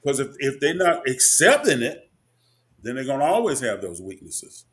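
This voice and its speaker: A man's voice: mid-range voice, huge pitch swings, normal speed, fairly bright tone. A man in his sixties from North Carolina hosting a casual discussion, emphatic and checking in with "okay?". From Kinston, North Carolina. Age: 60s. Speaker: host.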